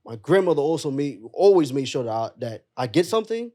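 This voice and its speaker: On a podcast, a young adult man tells his own story earnestly and with feeling, calling the listener and his friends bro again and again. His voice sits a little high, swings widely in pitch, runs a bit fast, and has a dark tone.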